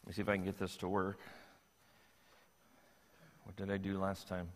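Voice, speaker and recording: A man's voice: low-pitched, completely flat delivery, normal speed. An older man preaching a sermon as pastor, playful and joking with his congregation. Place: church sanctuary. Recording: long reverb of a church hall.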